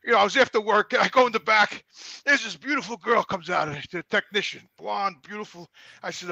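A man in his sixties with a sore back, casually telling a story on a podcast over a remote call, acting out the dialogue and getting loud and laughing at times. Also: sits high, normal speed, vocal fry, no room sound. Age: 60s. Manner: animated, acts out dialogue, grows loud and laughing. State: sore back, a bit out of breath. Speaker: regular panelist.

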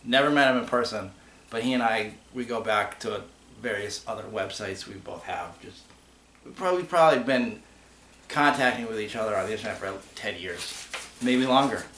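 With a fairly low pitch, moderate pace, and fairly bright tone, a man co-hosts a casual online podcast. He answers viewers' questions through chatty, meandering stories full of restarts; the room is echoey and a faint hiss runs underneath.

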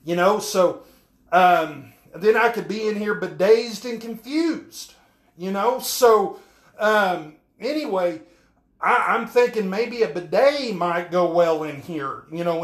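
A man, rambling folksy jokes in a home-repair vlog, soaked and frustrated. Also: high-pitched. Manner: folksy, rambling, keeps asking "all right?". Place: small bathroom. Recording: echoey bathroom.

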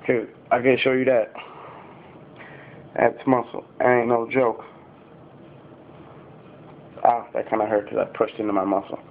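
A man's voice: medium pitch, steady tone, measured pace, long pauses, a little hiss or hum. A fifteen-year-old boy chatting casually to camera, rambling with lots of fillers and swearing. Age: teenager, fifteen. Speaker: YouTuber. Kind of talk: casual vlog talk to camera. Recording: tinny phone-like sound.

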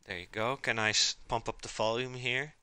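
A man's voice: mid-range voice, fairly even intonation, normal speed, sharp tone, smooth, no echo. A man chatting casually to his live chat while he cooks, rambling as he goes. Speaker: streamer cooking live.

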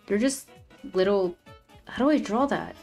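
Soft background music plays as a young woman draws on a live stream, speaking in an animated, unhurried, slightly mellow medium-pitched voice. She keeps apologizing and sounds flustered, frequently laughing and exclaiming to her chat.

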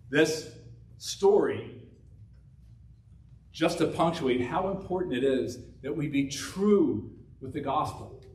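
A man preaching a sermon, opening with a story he reads aloud in a measured, expressive way. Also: mid-range voice. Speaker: pastor. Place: church sanctuary. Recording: roomy church sound, mic at a distance.

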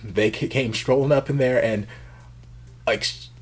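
A man giving casual, animated reaction commentary as a video host. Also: medium pitch, measured pace. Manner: animated, chatty, emphatic.

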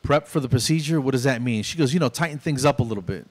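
A man's voice: medium pitch, animated, fast talker, slightly rough. A man in his fifties doing a stand-up comedy routine on a small club stage, telling stories and acting out both sides of each exchange.

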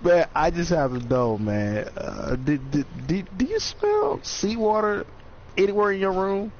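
A man's voice: high voice, big pitch swings. Stammering man in game voice chat. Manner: halting, stammering, playful. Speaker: fellow player. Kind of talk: casual gaming chat. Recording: muffled voice chat with clear noise.

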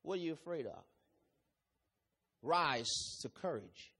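A man with a Jamaican accent preaching a sermon, reading scripture slowly and deliberately and breaking into sudden loud calls. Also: fairly high pitch, expressive, slightly rough.

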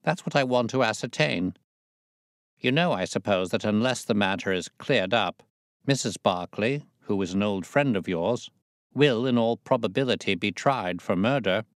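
A man reading Sherlock Holmes as a crisp, assured detective in an audiobook. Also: fairly low pitch, lively intonation, normal speed, no room sound, studio quality, natural voice. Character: Sherlock Holmes, brisk confident male detective.

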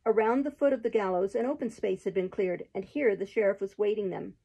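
A woman reading a chapter book aloud in a steady, expressive narrating voice. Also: medium pitch, brisk, slightly rough, dull audio. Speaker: storybook reader.

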